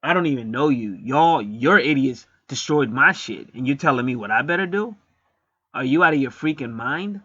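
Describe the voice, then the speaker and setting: A man's voice: medium pitch, expressive, normal speed, bright, forceful tone, breathy edge, dry recording, highs cut off. A man on a spiritual channel retelling a film in a casual, rambling, emphatic way, swearing freely and preaching. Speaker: spiritual vlogger.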